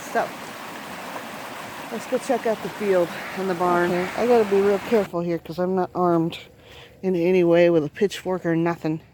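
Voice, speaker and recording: A woman vlogging outdoors on a flooded farm, chatting to the camera and jokingly grumbling at her animals. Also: fairly low pitch. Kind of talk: casual vlog narration. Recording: outdoor noise, running creek water. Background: rushing water.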